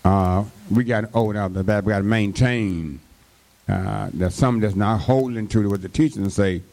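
A man's voice: fairly low pitch, moderate pace, dark tone. A man preaching a sermon, drawing out his words and breaking in with frequent call-and-response interjections to the congregation.

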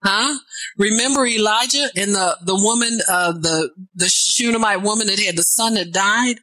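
Bright-voiced woman preaching a sermon. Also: medium pitch, normal speed, no echo, poor audio. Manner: call-and-response asides, rising to shouts.

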